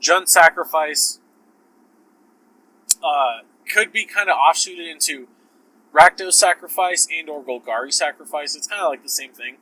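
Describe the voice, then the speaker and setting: Podcast guy with a sore throat, kinda high bright voice, rambles and swears a lot. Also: a little slow, poor audio. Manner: rambling, profane, self-interrupting. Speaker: podcast host. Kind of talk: casual solo podcast talk.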